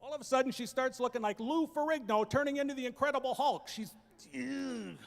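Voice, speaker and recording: A man in his thirties telling family stories as a stand-up comedian, acting out the voices and building to shouted punchlines on an auditorium stage. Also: extremely high pitch, a little fast, creaky. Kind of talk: stand-up storytelling. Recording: long hall reverb.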